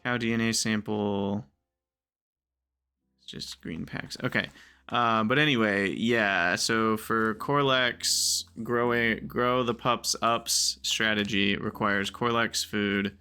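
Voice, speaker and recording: A man talks through a game in a loose, thinking-aloud way, half muttering to himself. His voice is bright and edged, with a gravelly fry at the ends of his lines. Faint music plays underneath. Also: fairly low pitch, fairly even intonation, takes it slowly. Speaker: gaming video creator. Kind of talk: casual gameplay commentary.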